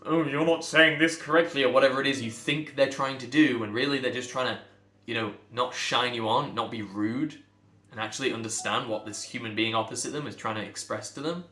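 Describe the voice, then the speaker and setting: A man's voice: mid-range voice, fairly even intonation, a little fast, sharp tone. Emphatic male pronunciation coach. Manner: emphatic, blunt, repeats phrases for effect. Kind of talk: direct-to-camera lesson. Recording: echoey room with faint music.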